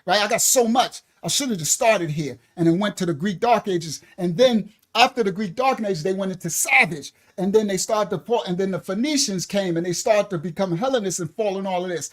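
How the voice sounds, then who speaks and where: The ministry teacher talks briskly at medium pitch with few pauses, reading slides aloud in a livestreamed Bible-history lesson and stopping to speak straight to viewers. It's animated and emotional, punctuated by laughing outbursts and apologies.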